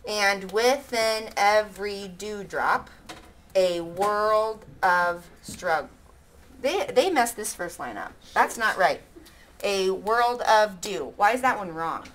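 A woman teaching a classroom lesson, reading lines slowly and counting out syllables with her pupils. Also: mid-range voice, lively intonation, fairly bright tone, a little hiss or hum.

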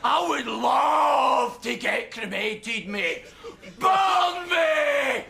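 Enraged Scottish sketch guy, yelling, bright tense tone. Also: extremely high pitch, lively intonation, drawn-out words, vocal fry, a faint crowd, heavily acted. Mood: raging. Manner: yelling, ranting. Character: furious Scottish bloke ranting about cremation. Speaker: comedy sketch character.

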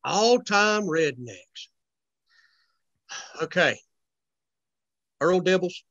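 A man's voice: high voice, animated, very slow, fairly bright tone, no room sound, highs cut off. A young man, chatting as a comedy guest in a laid-back, joking, folksy way. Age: young adult. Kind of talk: casual podcast chat.

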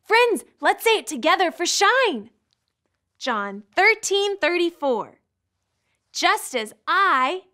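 A woman hosting a children's church lesson in an animated, playful way, with gasps and silly exclamations. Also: very high-pitched, slow. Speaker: children's ministry host.

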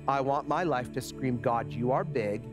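A man in his forties preaching a sermon as pastor, telling lively stories before slowing to a quiet, earnest close. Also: mid-range voice, over music. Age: 40s. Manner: animated storytelling that drops to a quiet, slow, earnest close.

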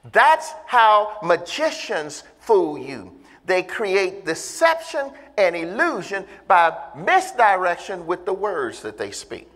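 A pastor preaching a sermon, speaking emphatically and drawing in the congregation with questions. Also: male voice, high voice, wildly swooping pitch, slow, a bit bright. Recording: long reverb of a church hall.

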